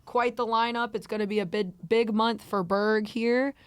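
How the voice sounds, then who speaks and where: A woman's voice: fairly high pitch, fairly even intonation, normal speed, clean tone, dry recording. A young adult woman co-hosting a casual podcast, chatty and upbeat, reading out upcoming events with lots of ums. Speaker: podcast co-host. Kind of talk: casual chat and event announcements. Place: venue studio room.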